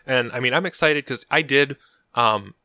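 Low-voiced guy, crisp bright tone, hesitant with lots of ums, dry close mic. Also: no room sound. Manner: hesitant, halting, frequent ums and you-knows. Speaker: podcast co-host. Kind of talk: casual chat about movies.

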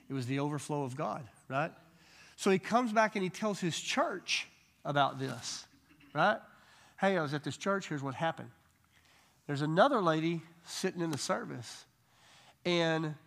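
Healing stories come alive as a man teaches a church Bible study group, his somewhat high voice marked by vocal fry. He is animated throughout and slips into quick voices for the quotes.

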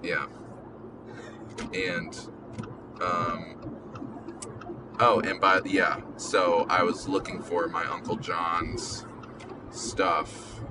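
A young man with a deep yet bright voice talks slowly about personal matters on a podcast, recorded in a car. He stumbles and restarts often, with hesitant ums. A faint hum of road noise sits under his voice. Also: little pitch movement. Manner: halting, many ums and restarts, emotional. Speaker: podcast host. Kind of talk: casual podcast chat.

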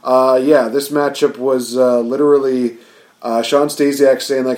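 A man co-hosting a casual podcast, chatty and giving shout-outs to friends. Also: mid-range voice, fairly even intonation, unhurried. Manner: chatty, gives shout-outs, laughs at the jokes. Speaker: podcast co-host. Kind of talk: casual wrestling podcast chat.

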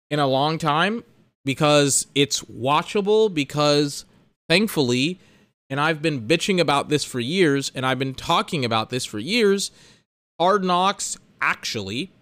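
A man's voice: on the high side, a bit bright, dry recording. A young man hosting a solo podcast, ranting in exasperation about his schedule and swearing freely. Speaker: podcast host.

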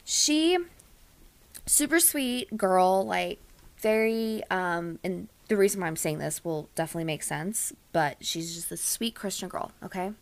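A woman's voice: lowish voice, unhurried. A young woman co-hosting a podcast, telling a story in a casual, dramatic way and acting out what people said. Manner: animated, dramatic storyteller who acts out quotes. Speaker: podcast co-host.

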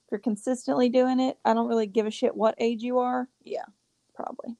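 A woman co-hosting a casual podcast chat, frank and quick to laugh, swearing freely. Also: on the high side, steady tone, vocal fry, warm tone, no echo. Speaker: podcast co-host.

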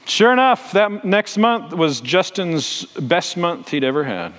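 A man's voice: a little high, lively intonation, measured pace, few pauses, fairly bright tone. A middle-aged man, a pastor, telling a story in a sermon and acting out the voices of the people in it. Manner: acts out the voices of the people in his stories. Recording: long reverb in a large hall.

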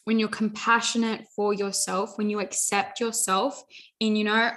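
A woman's voice: medium pitch, flat delivery, normal speed, fairly bright tone. A young adult woman giving an earnest motivational talk, repeating phrases and often saying "you know" and "like". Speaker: self-help speaker.

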